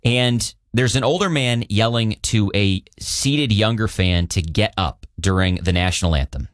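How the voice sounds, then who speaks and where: A man's voice: fairly low pitch, measured pace, no echo, studio quality. A man co-hosting a talk show, retelling a news story in an earnest, conversational way. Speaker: radio show co-host. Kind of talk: casual news chat.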